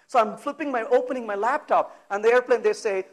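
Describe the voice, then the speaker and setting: A man giving a technical talk at a conference, talking in a lively way, firing off rhetorical questions and acting out exasperated asides. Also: very high-pitched, fairly quick, hardly any pauses. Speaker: conference speaker. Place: conference hall.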